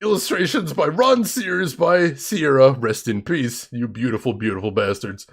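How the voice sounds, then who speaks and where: A man's voice: mid-range voice, moderate pace, gravelly. A man hosting a casual game commentary, joking around like a playful showman with mock-grand announcements. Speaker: let's play host.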